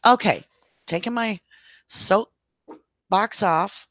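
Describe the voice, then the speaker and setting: A woman's voice: on the low side, expressive, a little slow, a bit bright, no echo. A woman hosting a livestream, ranting at length in an exasperated voice and talking straight to her viewers. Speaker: livestream host.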